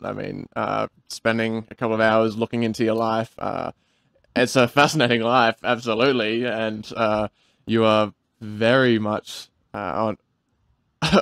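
A man's voice: lowish voice, creaky, a bit bright, no echo. A man hosting a podcast interview, enthusiastic and chatty, laughing easily. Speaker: podcast host.

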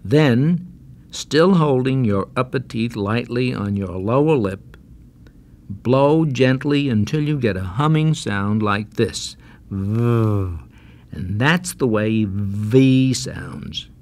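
A man giving slow, carefully enunciated pronunciation lessons, patiently repeating words for drill, on a 1970s language-course record. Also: medium pitch, animated, a little mellow. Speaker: pronunciation teacher. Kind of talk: slow, deliberate instructional narration.

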